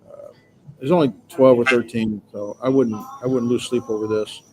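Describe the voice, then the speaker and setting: A man's voice: mid-range voice, steady tone, normal speed, background noise. Patient male instructor explaining grammar. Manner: patient, explanatory, reassuring, with frequent filler sounds. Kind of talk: classroom lecture. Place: classroom with students.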